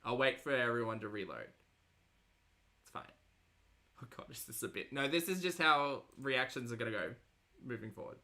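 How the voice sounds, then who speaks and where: Bright lively woman streamer. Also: a bass voice, moderate pace, pauses often. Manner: chatty, sarcastic asides, reads chat aloud. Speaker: reaction channel host. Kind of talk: livestream reaction commentary.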